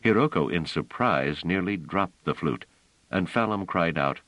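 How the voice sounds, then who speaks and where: A man with a very low voice narrates an audiobook. His delivery is measured but expressive, moving a lot in pitch. The sound is close and dry, with no room around it. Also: no echo, rough recording.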